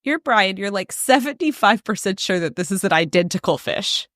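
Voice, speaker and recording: Animated woman host telling a story. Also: medium pitch, normal speed, dry recording, clean studio sound. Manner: animated, acts out quotes, laughs often. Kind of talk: casual storytelling chat.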